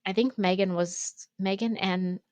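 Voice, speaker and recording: A young woman co-hosting a podcast, telling a story in a casual, animated way, acting out quotes and using lots of fillers. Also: medium pitch, a little slow, no room sound. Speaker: podcast co-host, ceramics studio owner.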